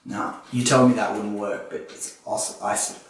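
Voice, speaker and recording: A man's voice: on the low side, steady tone, measured pace, far from the mic, a little hiss or hum. Cheeky Australian man hosting a comedy show. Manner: camp, cheeky and quipping. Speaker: host. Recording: echoey room, away from the mic.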